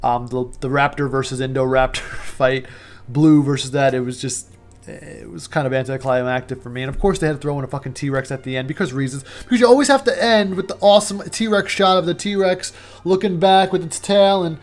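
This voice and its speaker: A man's voice: a little high, a little fast, faint music behind. Profane rambling male movie reviewer. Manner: profane, sarcastic, rambling with many fillers. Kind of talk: casual opinionated rant.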